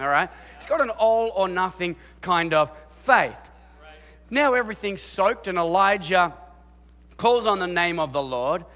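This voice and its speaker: A man preaching a sermon in a lively, chatty way, often restarting sentences and acting out the voices in the story. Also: high-pitched, in a large hall. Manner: animated, chatty preaching with acted-out quotes and frequent restarts. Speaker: pastor.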